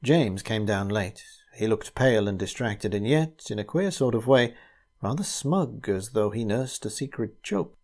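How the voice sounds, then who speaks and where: A man narrating a classic ghost story aloud in a measured, steady way. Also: lowish voice.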